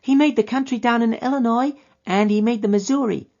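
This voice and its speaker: A woman's voice: on the high side, a little fast, darkish tone, close to an everyday voice. A woman voicing a trusting little girl lost in the desert, talking in a folksy childlike dialect, in a lo-fi recording. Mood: curious. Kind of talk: audio drama acting. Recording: dull lo-fi recording.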